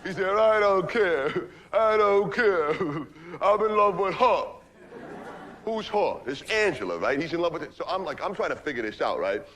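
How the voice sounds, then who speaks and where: A man's voice: on the high side, expressive, moderate pace, a bit bright, big-room sound. An actor playing a brash, streetwise young man who rambles through a story in ungrammatical slang and keeps asking "right?" in a stage monologue. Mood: boastful. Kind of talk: theatrical comic monologue.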